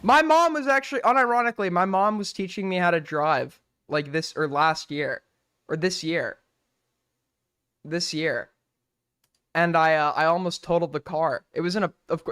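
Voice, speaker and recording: A young man hosting a stream, reacting and bantering casually with a loud, jokey, profane manner. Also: on the high side, moderate pace, smooth, dry recording, clean studio sound. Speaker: streamer host.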